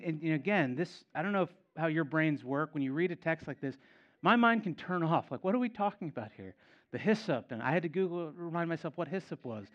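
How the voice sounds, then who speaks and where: A man's voice: a little high, dull audio. A man preaching a sermon as pastor, emphatic and repeating key phrases for effect.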